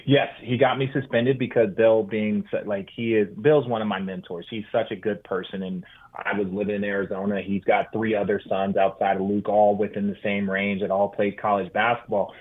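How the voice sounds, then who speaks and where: A man in his forties, a former basketball player, telling stories as an animated podcast guest, with restarts. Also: on the low side, normal speed. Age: 40s. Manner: animated storyteller, with restarts and acted-out quotes. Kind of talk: casual storytelling chat. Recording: tinny phone-like line.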